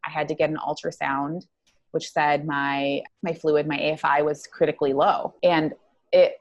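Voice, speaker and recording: A woman guest telling her own story in an interview, earnest and halting, with many fillers. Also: low-pitched, little pitch movement, muffled recording. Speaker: guest psychologist.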